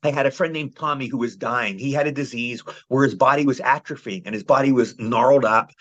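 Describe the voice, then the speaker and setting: A man's voice: mid-range voice, brisk, fairly bright tone. Rambling man, muffled audio. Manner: rambling storyteller, frequent "you know". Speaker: actor guest. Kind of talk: casual interview chat.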